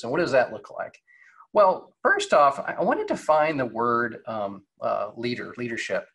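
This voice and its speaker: A man's voice: medium pitch, sing-song, normal speed, fairly bright tone, slightly rough. A man in his forties giving a casual motivational talk over a video call, conversational and full of fillers and rhetorical questions. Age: 40s. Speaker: guest speaker on leadership.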